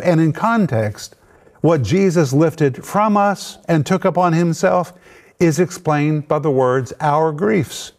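A man teaching a sermon, explaining words with measured, emphatic delivery. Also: a little high, a little mellow. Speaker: Bible teacher.

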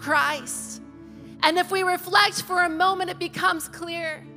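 Bright high-voiced woman preaching. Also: fairly even intonation, measured pace, big-room sound, faint music behind. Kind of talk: sermon with scripture reading.

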